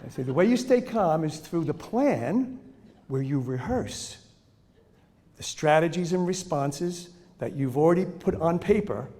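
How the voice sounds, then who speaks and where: A man's voice: fairly high pitch, animated, unhurried, mellow, a little hiss or hum. A man giving a humorous lecture to teachers on children's behavior, joking, laughing often and acting out examples.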